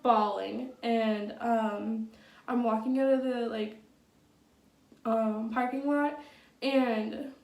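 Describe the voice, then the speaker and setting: A woman's voice: sits high, recorded from a distance. A young adult woman vlogger telling a casual storytime, chatty and blunt, with lots of fillers and swearing. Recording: echoey room, from off the mic.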